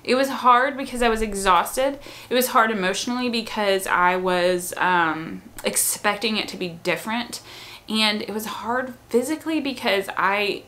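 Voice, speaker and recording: Bright-voiced woman chatting casually. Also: mid-range voice. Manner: chatty, with frequent "um" and "like". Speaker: mother telling her birth story. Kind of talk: casual storytelling to camera.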